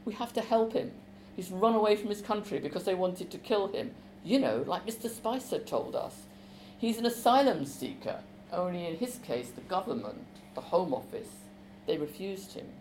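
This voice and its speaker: A woman reading aloud as a teenage boy, pressing urgently in a low, hushed voice. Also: expressive, moderate pace, slight background noise, rough recording.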